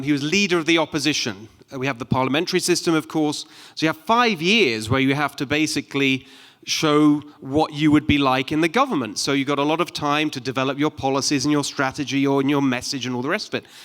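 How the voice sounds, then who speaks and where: A middle-aged British man gives a conference speech in a conversational, anecdotal way, often pausing on "um". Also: on the high side, fairly bright tone. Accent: British English. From United Kingdom. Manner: conversational, anecdotal, with frequent ums. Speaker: keynote speaker. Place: large conference hall. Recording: long reverb of a conference hall.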